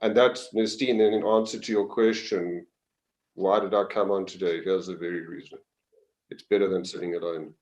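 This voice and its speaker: Low-voiced, grateful man. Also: fairly even intonation, moderate pace, darkish tone, muffled recording. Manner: emotional, grateful. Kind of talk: casual online chat.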